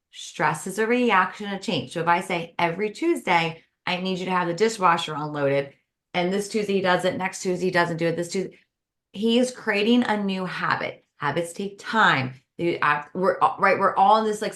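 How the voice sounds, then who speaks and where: Lively woman coaching on stress. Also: mid-range voice. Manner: lively, acts out everyday dialogue. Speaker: podcast guest, stress coach. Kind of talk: casual conversational advice.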